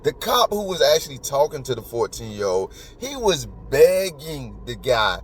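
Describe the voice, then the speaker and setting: A man's voice: medium pitch, big pitch swings, moderate pace, slightly rough. A man hosting a podcast, talking in an emotional, emphatic and rambling way. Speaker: podcast host. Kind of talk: casual commentary.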